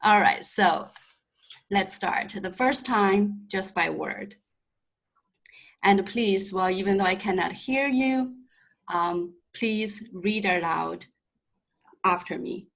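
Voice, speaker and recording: A woman's voice: mid-range voice, takes it slowly, vocal fry, long pauses, fairly bright tone, low-quality recording. A woman teaching a Mandarin lesson over a video call, explaining patiently step by step with light humor. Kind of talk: online language lesson.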